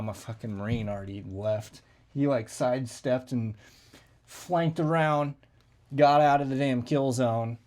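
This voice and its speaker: A man's voice: mid-range voice, unhurried, a little mellow. A man telling a casual, profane story and acting out the exchanges he quotes. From United States. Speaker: veteran storyteller.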